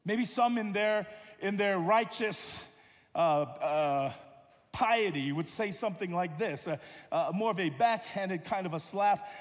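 A man preaching a sermon in a church, with dynamic delivery that swings from loud emphasis to hushed, low passages. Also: expressive, a little slow. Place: church sanctuary. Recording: long hall reverb.

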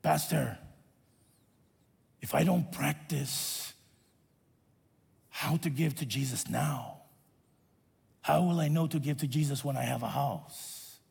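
Guy putting on soft murmury homeless man, low and gentle, echoey church hall. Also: slow pace, vocal fry, pauses often, slightly rough, heavily acted. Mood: earnest.

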